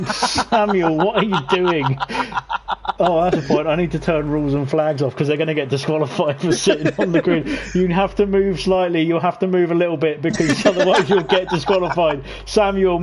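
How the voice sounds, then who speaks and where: A man's voice: fairly high pitch, background noise. Chatty man hosting a racing stream. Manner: laughs often while talking, loose and chatty. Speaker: host of an online racing league. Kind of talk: casual live race commentary.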